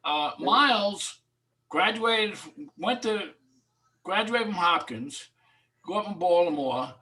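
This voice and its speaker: Bright-voiced man far from his mic. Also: sits high, lively intonation, slow. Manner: storytelling, easygoing. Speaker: meeting participant. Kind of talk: casual Zoom talk. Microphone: video call. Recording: distant video call mic.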